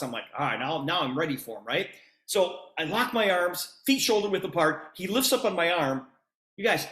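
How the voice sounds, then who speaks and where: Roomy-sounding man telling a sales story. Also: high voice. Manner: animated storyteller, acts out both sides of a conversation. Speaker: presenter on a business opportunity call. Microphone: video call.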